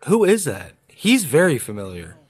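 A man talks over a movie with friends, his voice sitting a little high and leaping all over the place. He riffs and jokes in a loose, animated way. Faint music plays underneath. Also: moderate pace. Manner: animated, jokey, acts out characters. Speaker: podcast co-host. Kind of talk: casual movie-riffing chat.

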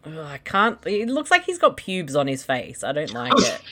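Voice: medium pitch, huge pitch swings, normal speed, a bit bright. A co-host in a casual movie commentary chat, teasing the other host and laughing often. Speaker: podcast co-host.

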